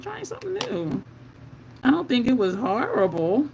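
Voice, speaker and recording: A woman's voice: medium pitch, big pitch swings, moderate pace, darkish tone, poor audio. A woman beauty vlogger in casual chat while doing her makeup, answering viewer comments and laughing often.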